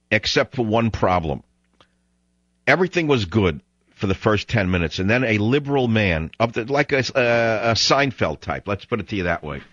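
A man's voice: on the low side, fairly bright tone, no room sound. Ranting male radio host, dull dry sound. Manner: ranting, sarcastic, digressive. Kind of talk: opinionated radio monologue.

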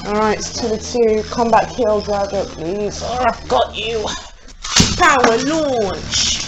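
A young man with a British accent, casually commentating on toy battles in a rambling, excitable way, laughing often, at home. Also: high voice, measured pace, loud music behind the voice, rough recording. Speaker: Beyblade channel host. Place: home room, family upstairs.

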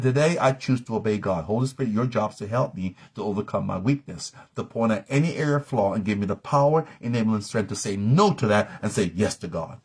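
A man with a low, husky voice teaches a Bible study in sermon style. He talks straight to his listeners, firing off rhetorical questions and pushing his points home with rising emphasis. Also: darkish tone.

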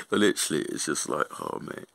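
A young man tells a story as an agitated, sweary rant. His voice is very low and gravelly, yet bright and forceful. The sound is close and dry, with bruv and mate dropped in all the time. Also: huge pitch swings, normal speed, dry recording. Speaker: vlogger.

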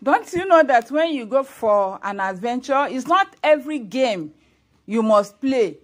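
Nigerian woman, vlogger, earnest and preachy, pleading tone, a bit high-pitched. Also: lively intonation, a little slow. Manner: earnest, preachy, pleading, repeats "you know" and "eh?". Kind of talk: direct-to-camera commentary.

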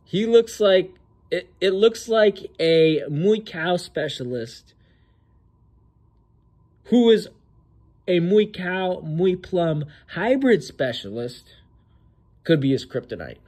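A man's voice: sits high, expressive, slow, long pauses, a little mellow. Sneering, slangy male commentator. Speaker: host. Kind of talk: casual political commentary.

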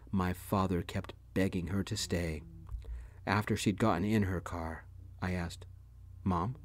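A man's voice: deep voice, a little mellow. A man narrating a first-person story, anxious and inward.

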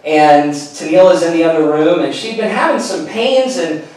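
A middle-aged pastor telling a personal story in a sermon, earnest and storytelling, often falling to a hushed voice. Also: male voice, on the high side, moderate pace. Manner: earnest storytelling, drops to a hushed voice at tender moments. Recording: echoey hall, mic at a distance.

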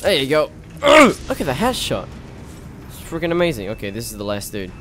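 A young man giving excitable let's play commentary as a gaming channel host, laughing often and swearing freely. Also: medium pitch, moderate pace, faint music behind.

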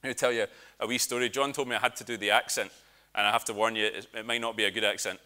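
A man's voice: fairly low pitch, rapid-fire. A man with a Scottish accent preaching a sermon, telling stories with humour and asides. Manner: lively storytelling with humour and asides.

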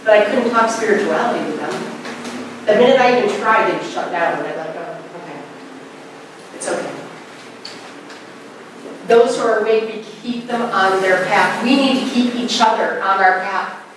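Animated woman lecturing in an echoey hall. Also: distant mic, a little hiss or hum. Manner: animated, swooping up high on key words. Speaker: conference speaker. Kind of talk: spiritual lecture.

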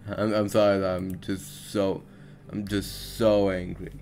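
A man's voice: low-pitched, little pitch movement, unhurried, darkish tone, a little hiss or hum. A man giving casual gameplay commentary, tired and grumbling, swearing often as he talks to himself. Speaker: gaming YouTuber.

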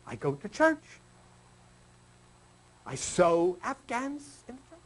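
Speaking slowly with long pauses but great animation, an older man with a high voice teases a small group in an informal sermon. This spiritual teacher acts out people's prayers in a homespun way, captured on a rough recording.

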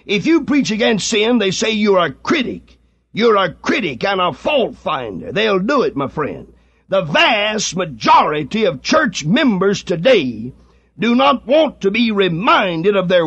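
A man's voice: high voice, fairly bright tone, breathy edge. A middle-aged man preaching a fiery radio sermon, full of rhetorical questions and rising fervor. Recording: dull lo-fi archival radio recording.

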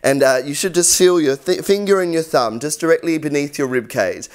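Smooth-voiced man coaching singers. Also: a little high, a little fast. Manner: encouraging, easygoing teaching. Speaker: vocal coach. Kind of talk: instructional tutorial.

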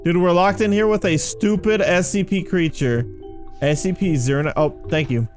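A man giving chatty, excitable commentary while playing a game, often saying "dude" and "like" and jumping into loud, high yelps when startled. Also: moderate pace, soft background music. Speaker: gaming YouTuber. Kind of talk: casual gameplay commentary.

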